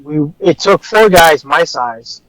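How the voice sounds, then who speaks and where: Guest, man, slightly high voice, halting casual recounting, dry close sound. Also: animated, a bit bright, dry recording, low-quality recording. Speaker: corrections officer guest. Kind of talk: casual interview.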